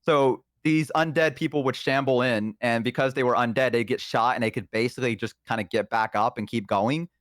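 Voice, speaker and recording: Brief: mid-pitched man, rambling casual chat, dry close mic. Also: fairly even intonation, brisk, hardly any pauses, a bit bright, dry recording. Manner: rambling, full of ums and uhs. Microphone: close microphone.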